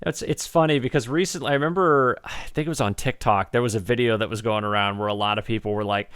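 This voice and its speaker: A man hosting a casual interview, curious and quick to laugh. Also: fairly low pitch, fairly bright tone, clean tone, no echo, clean studio sound. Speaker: podcast host.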